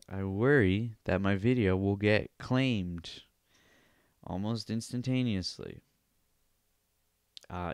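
A young man with a lowish voice hosts a solo podcast, ranting casually with lots of swearing and sarcasm. The sound is clean studio audio with no echo.

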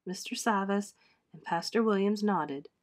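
A woman teacher reading a children's storybook aloud, expressive, lifting her voice for the characters' lines and dropping it softly for narration. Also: a little slow. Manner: expressive, voices characters with pitch lifts and soft drops.

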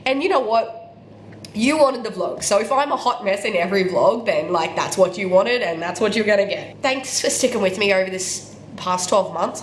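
A woman's voice: medium pitch, moderate pace. Australian woman vlogging with a cold. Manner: candid and chatty, repeats words for emphasis. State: sick with a cold. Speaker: book vlogger. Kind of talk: casual vlog chat. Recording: echoey room with faint background noise.

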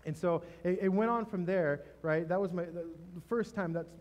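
A man preaching a sermon, telling a personal testimony in an emotional, halting way with many restarts. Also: high-pitched, a little mellow, highs cut off. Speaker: pastor. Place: church stage.

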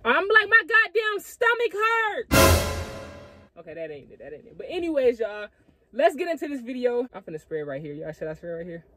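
A woman hosting a prank vlog, talking to her viewers in a playful, boastful, animated way. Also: medium pitch, quick pace. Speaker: vlog host. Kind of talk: hyped prank vlog intro. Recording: background music.

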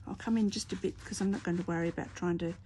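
A woman's voice: fairly low pitch, fairly even intonation, racing, warm tone, slight background noise. A woman hosting a craft video, chatting casually and talking herself through each step with murmured asides. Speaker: craft channel host. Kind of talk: casual crafting chat to camera.

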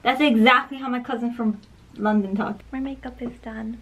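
A woman's voice: on the high side, steady tone, normal speed, a bit bright. A young woman chatting casually as a travel vlogger, upbeat and narrating her day. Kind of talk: casual vlog chat. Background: music bed.

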